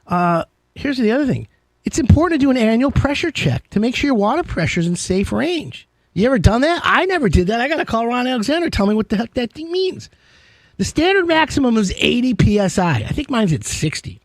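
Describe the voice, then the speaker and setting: This radio show host has a very high-pitched voice, recorded with clean studio sound and no room sound. He chats casually on a live home-services call-in program, drifting into jokey, rambling asides.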